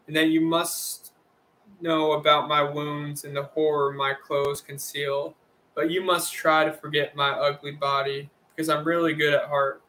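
A man's voice: fairly high pitch, level tone, measured pace, pushed and bright, a little hiss or hum. A man reading a novel aloud and voicing a lonely, distraught woman who pleads through tears, staying close to his own voice. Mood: pleading. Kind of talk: audiobook reading.

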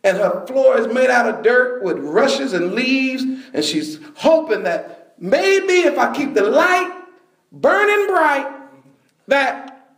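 High-voiced animated male preacher. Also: takes it slowly, echoey room. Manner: animated storytelling, bursts of shouting and laughter. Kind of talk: sermon.

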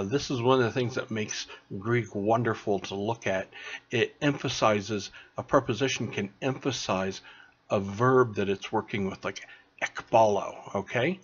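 Slow, patient man teaching a lesson. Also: on the low side, slightly rough, dull audio. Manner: slow, patient teaching with frequent "okay?" checks. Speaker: Greek tutor. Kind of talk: recorded online lesson.

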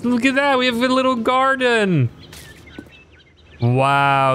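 A man's voice: high voice, sing-song, drawn-out words, a bit bright, slight background noise. A man giving casual let's-play commentary, curious and talking to himself. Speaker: gaming YouTuber.

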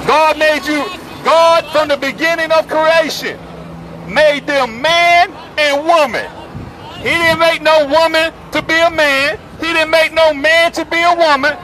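A man with a strikingly high voice preaches out in the open on a busy street, forceful and repetitive as he calls out the passersby. Chatter from the crowd and passing traffic press in around him. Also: unhurried. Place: busy city street outdoors. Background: crowd chatter and passing vehicles.

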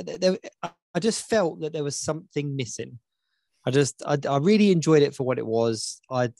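A man's voice: medium pitch, a little mellow, no room sound. A man co-hosting a casual podcast chat, rambling and repeating himself as he searches for words. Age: adult with children. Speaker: podcast co-host.

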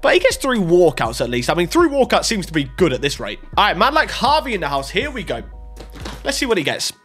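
Excitable young gaming commentator. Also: male voice, high-pitched, fast. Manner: excitable, swinging between hype and groans. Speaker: gaming YouTuber. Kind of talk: pack-opening commentary. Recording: faint music underneath.

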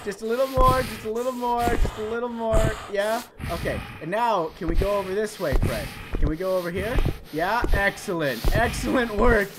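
A let's play gamer commenting on a horror game, excitable and playful, shouting at scares and chatting to the figures on screen and to viewers. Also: medium pitch, moderate pace, heavy background noise.

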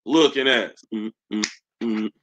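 A man's voice: on the low side, unhurried, fairly bright tone, a little hiss or hum. A young man hosting a live sneaker stream, chatting loosely and roasting viewers in slangy, joking talk. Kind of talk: casual live-stream chat reading comments.

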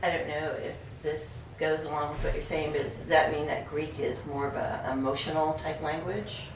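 A woman's voice: low voice, fairly even intonation, normal speed, a little hiss or hum. A woman student asking tentative, curious questions in a classroom discussion. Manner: tentative, inquisitive. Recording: distant, echoey room with faint ambience.

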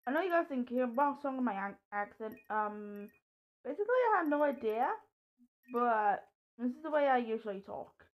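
A woman vlogger commenting on a mobile game and telling a personal story, hesitant with many ums and sudden excited outbursts. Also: on the high side, normal speed. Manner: hesitant, lots of ums and restarts; excitable outbursts during play. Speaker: gaming vlogger.

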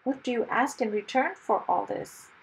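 A woman doing an excitable young princess. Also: a little high, moderate pace, vocal fry, a little hiss or hum, voice pushed up. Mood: excited. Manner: breathless and admiring.

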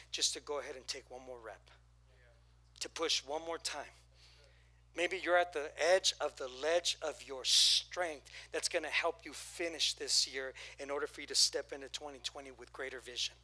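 A man's voice: a little high, pushed and bright. A man preaching a sermon as pastor, talking in a loose, storytelling way and getting the congregation to repeat lines to each other. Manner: conversational, storytelling with acted quotes and crowd prompts. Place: church auditorium.

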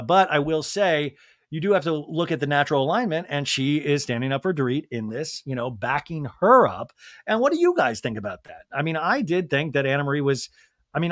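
A male podcast host with a slightly high voice recapping in a casual, rambling way. His tone bounces lively up and down as he chats into a dry, close mic. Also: no room sound. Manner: animated, chatty, digressive.

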